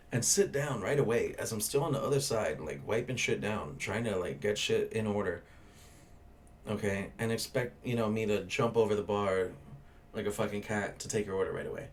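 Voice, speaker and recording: A young man rants about his bartending shift in a loose, foul-mouthed podcast style, blunt and exasperated. His voice sits a little low. A faint hum of ambience runs under the recording. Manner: blunt, ranting, swears freely. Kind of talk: casual profane storytelling.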